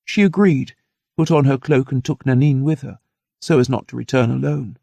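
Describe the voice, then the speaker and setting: Gravelly, mellow male audiobook narrator. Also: mid-range voice, normal speed, no echo. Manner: earnest, steady first-person storytelling. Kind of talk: scripted narration of a classic novel.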